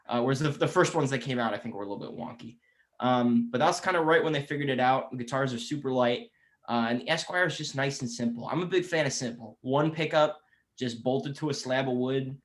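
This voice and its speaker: On a laid-back podcast, a young male guest musician who also teaches guitar talks eagerly and at great length. He's in his twenties, with a medium pitch and a fairly bright tone, and he frequently starts his sentences over.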